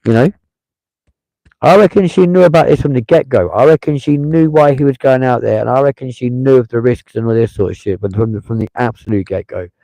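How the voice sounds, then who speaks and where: A man hosts a live stream, ranting in blunt, profane commentary. His voice is gravelly and low in tone. The sound is close and dry. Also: a little fast, dark tone, no room sound, rough recording.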